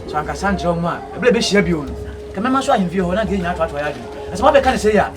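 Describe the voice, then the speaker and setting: An insistent family elder in a Ghanaian film drama, pressing his point in a slightly raised voice. The mic sits well back from him, and a clear music score runs underneath. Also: high voice, expressive, rapid-fire, recorded from a distance. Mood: earnest.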